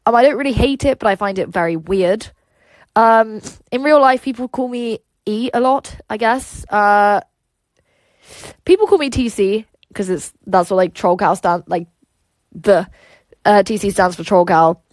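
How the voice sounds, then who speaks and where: A woman's voice: medium pitch, unhurried, no echo. A woman hosting a casual livestream, reading chat aloud and rambling with lots of "like" and "um" fillers.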